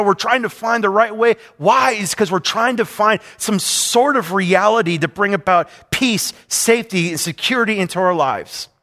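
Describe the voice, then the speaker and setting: High-voiced emphatic male preacher. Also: a bit bright. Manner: emphatic, repetitive preaching with rising and falling intensity. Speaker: pastor. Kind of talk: sermon. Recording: long hall reverb.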